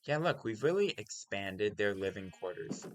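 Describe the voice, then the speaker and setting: A man hosting a game let's play, talking in a deliberately calm, soft-spoken and musing way. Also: fairly low pitch, no room sound. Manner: musing, introspective. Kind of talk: casual gameplay commentary.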